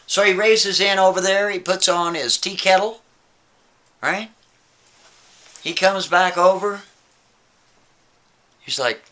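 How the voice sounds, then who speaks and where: A man's voice: sits high, a little slow, long pauses, bright, forceful tone. A man telling a spooky story in a casual way, often checking in with the listener. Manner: casual, keeps asking "right?".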